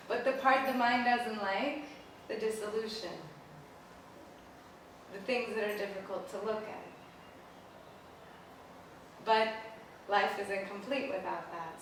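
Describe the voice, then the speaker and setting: A woman teacher retells an old myth in a casual, animated lecture, often leaning on "like". Her voice sits far from the mic and rings through a strongly echoing space, with faint ambience beneath it. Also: fairly high pitch, unhurried, pauses often, slight background noise. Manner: casual, animated, many "like" fillers. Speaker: spiritual teacher, pilgrimage leader. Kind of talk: storytelling lecture. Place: outdoors beside a temple. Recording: echoey space, voice from a distance.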